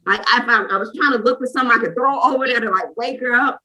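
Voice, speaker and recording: A woman, co-hosting a casual chat and telling a lively personal story, acting out what people said. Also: on the high side, fast, low-quality recording. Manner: lively storyteller who acts out quotes. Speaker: co-host sharing a personal story.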